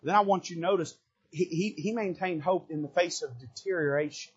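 A man preaching a sermon from the pulpit, swinging from hushed to shouting. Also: a little fast, husky, highs cut off. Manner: preaching with big swings in pitch and loudness, rising to shouts. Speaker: pastor. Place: church sanctuary.

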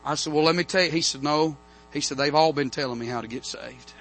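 A man preaching a revival sermon from the pulpit, telling stories and building to loud, emphatic amens. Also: on the high side, fast talker, soft background music. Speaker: pastor. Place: church sanctuary.

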